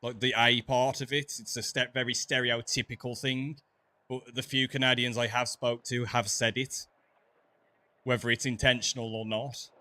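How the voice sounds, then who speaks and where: A man with a softened Black Country accent chatting casually while streaming a game, laughing often and stumbling over his words. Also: mid-range voice, flat delivery, normal speed. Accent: Black Country English, softened. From English West Midlands. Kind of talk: casual chat while gaming.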